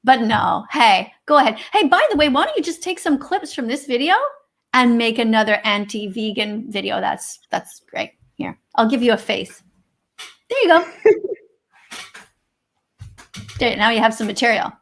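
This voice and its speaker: A woman's voice: fairly high pitch, lively intonation, moderate pace, pauses often. A Canadian woman co-hosting a livestream over a video call, reading out chat comments and answering them sarcastically, with some swearing. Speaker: livestream co-host.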